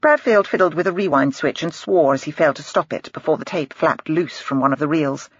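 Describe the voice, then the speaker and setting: An audiobook narrator reads a crime novel in a measured way, with a husky, slightly breathy voice. The recording is dry and close, with a dull, muffled top. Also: mid-range voice, dry recording. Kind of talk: scripted narration.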